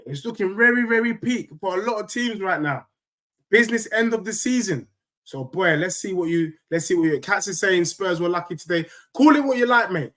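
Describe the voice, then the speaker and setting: A man chatting live to viewers after a football match, in animated, slangy banter. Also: sits high. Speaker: football fan streamer. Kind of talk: live stream chat reacting to a match.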